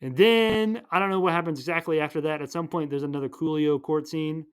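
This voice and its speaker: A man casually retelling a movie plot as a podcast host, rambling and playful, tossing in quick voices for each character. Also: on the high side, clean tone.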